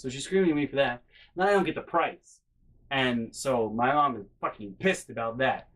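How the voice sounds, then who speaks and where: A man vlogging a comedic story from his life in a lively, profane, self-mocking way. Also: mid-range voice, moderate pace.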